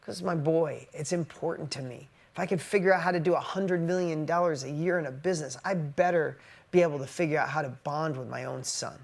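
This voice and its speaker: A man in his forties giving a motivational business talk, emotional and shifting from loud emphatic bursts to quiet reflection. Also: on the high side, brisk, gravelly. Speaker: business speaker.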